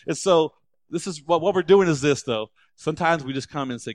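A man preaching a sermon as a pastor, animated and climbing into loud, emphatic stretches. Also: on the high side, a little fast, no echo.

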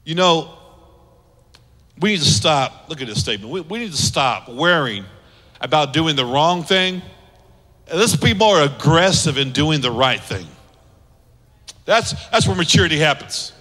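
A male pastor preaching in a high, ringing voice with a bright, forceful edge. He drives his points home through repeated, building phrases. Long reverb from a large church hall stretches out behind every line. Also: lively intonation, unhurried, long pauses. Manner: emphatic, repetitive preaching with rising exhortations. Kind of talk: sermon.

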